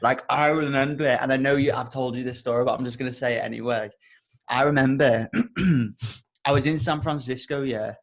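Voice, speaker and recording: A young man hosting a podcast and telling a rambling story in an animated, casual way, swearing often. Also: medium pitch, moderate pace. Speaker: podcast host.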